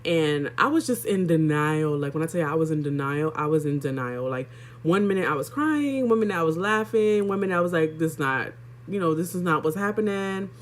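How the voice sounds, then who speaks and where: A woman's voice: low-pitched, animated, brisk. A young woman vlogger telling a personal story in a candid, chatty way, addressing her viewers directly. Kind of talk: casual storytelling vlog.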